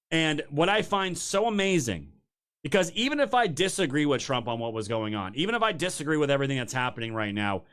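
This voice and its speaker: A man's voice: fairly high pitch, fairly bright tone. Fired-up man ranting on his show. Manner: heated, profane, sarcastic ranting; talks straight to viewers as "you guys". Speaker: political commentary show host. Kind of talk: live-streamed political rant.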